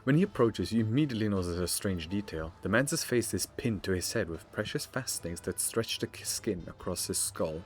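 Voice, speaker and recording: A man's voice: on the low side, lively intonation, a little fast, few pauses. A man streaming a role-playing game, chatting casually and reading the game's text aloud, often stumbling over words.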